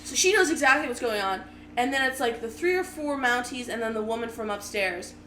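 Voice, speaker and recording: A woman's voice: on the high side, lively intonation, brisk, sharp tone. A young woman comedian telling a story casually, rambling and laughing with lots of fillers and swearing. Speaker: comedian guest. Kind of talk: casual storytelling on a live show. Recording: echoey room with noise.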